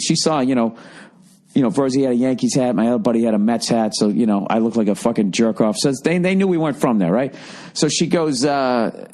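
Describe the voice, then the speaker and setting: A man's voice: animated, fairly quick, a little mellow. Profane man rambling through a comic story. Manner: profane, storytelling, acts out quotes in shrill voices. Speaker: podcast host. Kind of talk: rambling comedic monologue.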